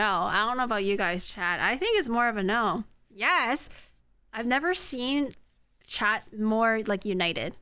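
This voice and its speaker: A young woman streams from her home kitchen, cooking and bantering with chat. Her voice sits high and bright. She teases her viewers and often breaks into laughter. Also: smooth. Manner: playful, teasing, bursts into laughter. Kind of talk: casual live-stream chat while cooking.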